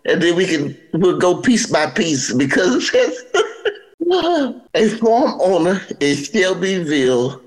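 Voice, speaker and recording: A man's voice: high-pitched, huge pitch swings, slow, low-quality recording. A young man hosting a comedy podcast, chatting casually and breaking into laughter as he reads a story aloud. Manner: laughs often while reading aloud. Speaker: podcast host.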